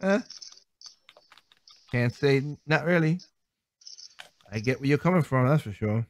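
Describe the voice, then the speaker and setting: A man's voice: mid-range voice, animated, a little slow, a little hiss or hum. Rambling male podcast host. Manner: rambling, laughs often. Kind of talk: casual chat reading viewer comments.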